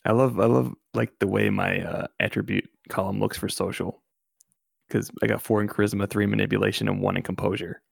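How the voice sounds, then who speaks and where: Man, tabletop player, low voice, gravelly, dry sound, easygoing. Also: level tone, fairly quick, dry recording. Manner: easygoing, helpful with the setup. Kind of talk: casual chat in a tabletop game session.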